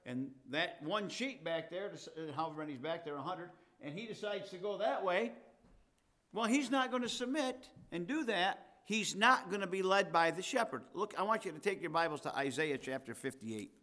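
A man's voice: sits high, expressive, normal speed, bright, forceful tone. A man, the pastor, preaching a sermon in a conversational way and reading scripture with rising emphasis.

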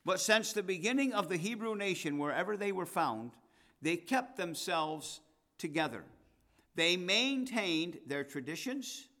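A man's voice: high-pitched, expressive, a little slow. Emphatic preacher man. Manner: emphatic, rising to loud declarations and dropping to asides. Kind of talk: sermon.

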